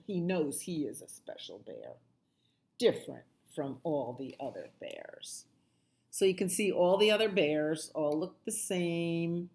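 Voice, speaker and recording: A woman librarian reading a picture book aloud at children's storytime, with soft asides to the kids. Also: deep voice. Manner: slow, sing-song, with soft asides to the children.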